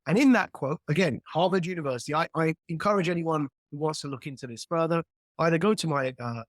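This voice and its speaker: A man's voice: fairly high pitch, no room sound, studio quality. Emphatic man on a video call. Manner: emphatic, builds points with analogies and repetition. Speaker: guest commentator. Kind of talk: animated explanatory conversation.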